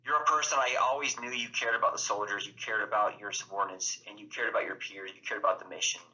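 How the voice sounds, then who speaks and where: A man's voice: fairly low pitch, steady tone, quick pace, sharp tone, highs cut off. A man speaking as a podcast guest, earnest and heartfelt, repeating his phrases as he talks. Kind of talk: heartfelt casual tribute.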